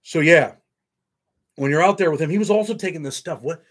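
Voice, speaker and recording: A man's voice: a little high, fairly quick, fairly bright tone, breathy edge. A man hosting a casual livestream, rambling and swearing while reading viewer comments aloud. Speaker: show host.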